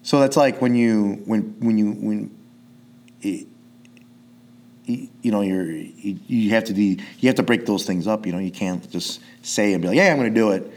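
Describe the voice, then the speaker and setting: A man's voice: fairly low pitch, normal speed, a little mellow. A man who coaches jiu-jitsu, chatting casually on a podcast, rambling and swearing, restarting his sentences often.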